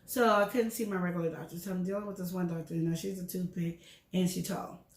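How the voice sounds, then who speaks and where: This middle-aged woman, co-hosting a show, talks quickly in a lowish voice with a roomy sound. The topic is her health, which she discusses candidly, animating her stories by acting out what people said.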